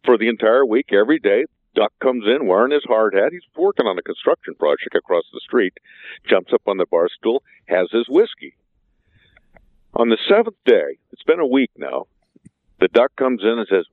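A man telling a joke as a guest on a radio show, phoning in, animated and laughing at his own punchline. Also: fairly low pitch, fairly quick, dry recording. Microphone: phone line. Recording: tinny phone line.

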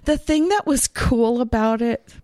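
A woman's voice: on the high side, animated, measured pace, warm tone, no room sound, studio quality. A woman co-hosting a podcast, telling a personal story in casual chat. She rambles a little and laughs often. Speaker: podcast co-host.

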